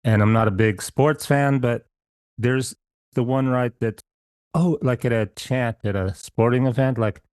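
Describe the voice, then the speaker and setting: A man's voice: medium pitch, fairly even intonation, measured pace, darkish tone, dry recording. A man hosts a casual podcast chat, curious and playful, firing off questions. His voice is mid-range. The sound is dry and close. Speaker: podcast host.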